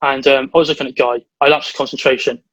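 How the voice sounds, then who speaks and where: A man's voice: medium pitch, dry recording, highs cut off. A young man from England, co-hosting a podcast and telling long, rambling stories in casual chat. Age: young adult. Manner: rambling storyteller, quick and excitable. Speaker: podcast co-host.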